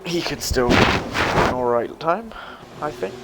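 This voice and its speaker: A man doing live play-by-play commentary on a sim racing league, quick and chatty as he tracks the cars. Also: on the high side, expressive, very noisy.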